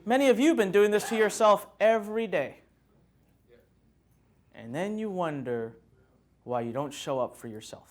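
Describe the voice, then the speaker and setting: A man's voice: high voice, normal speed, pauses often. A man speaking to a live workshop audience as a motivational speaker, telling stories animatedly, acting out scenes and joking with the room. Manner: animated storytelling, acts out scenes, jokes with the audience. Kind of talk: live motivational seminar talk.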